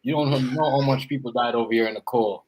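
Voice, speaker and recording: A man's voice: medium pitch, quick pace, a little mellow, rough recording. A man hosting a podcast in casual chat, talking loosely and repeating his phrases. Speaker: podcast host.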